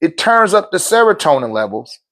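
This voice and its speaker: Male spiritual teacher, 30s, high voice, casual streetwise lecture style. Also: normal speed. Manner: animated, swings into loud shouted quotes; laughs often, swears, street slang.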